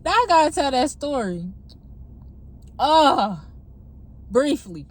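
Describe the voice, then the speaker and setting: A young woman with a fairly high voice tells her story from her parked car. She talks casually and with a lot of life, laughs often and acts out what she said back then. It sounds like a chatty vlog. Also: slow. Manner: animated, laughs often, voices her own past outbursts. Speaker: testimony vlogger.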